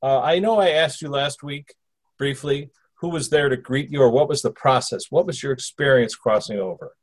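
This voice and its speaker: A man's voice: medium pitch, moderate pace. A man hosting a conversation, asking long wandering questions full of restarts. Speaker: host interviewing a spirit through a medium. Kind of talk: casual interview talk.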